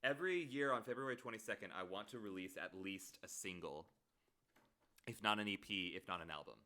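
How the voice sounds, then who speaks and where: Soft-spoken rambling male streamer. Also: on the low side, brisk. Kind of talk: casual late-night stream chat. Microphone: headset mic.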